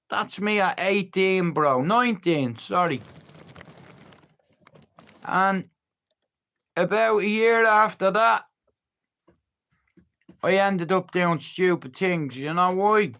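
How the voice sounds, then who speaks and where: Man in his fifties, slow rambling talk. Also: high-pitched, a bit bright, lo-fi sound. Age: 50s. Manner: swears freely, keeps asking if you understand. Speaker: livestreamer. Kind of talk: casual rambling chat to viewers.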